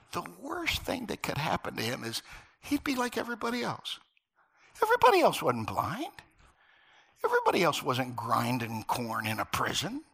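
A middle-aged or older man preaching a sermon, telling stories in an animated way that swings from loud emphasis to near-whispers. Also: fairly high pitch, gravelly. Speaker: pastor.

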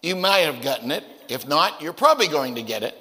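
A man preaching a sermon as pastor, telling stories in a folksy, conversational way, with stammered repeats, dropping low and then rising to loud, emphatic peaks. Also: sing-song, brisk, in a large hall. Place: church sanctuary.

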